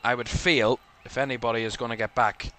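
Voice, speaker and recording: Bright-voiced Northern Irish man. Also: medium pitch, steady tone, fairly quick. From Belfast. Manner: rambling with frequent fillers. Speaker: host. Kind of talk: live watchalong commentary.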